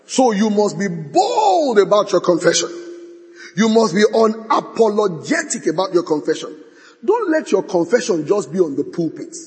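A man preaching a sermon, swinging from bold declarations to hushed asides and reciting scripture. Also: high voice. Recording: long hall reverb.

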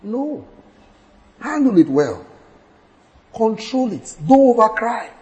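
A pastor preaching a sermon, telling stories with acted quotes and bursts of shouting. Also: male voice, very high voice, sing-song, takes it slowly, low-quality recording.

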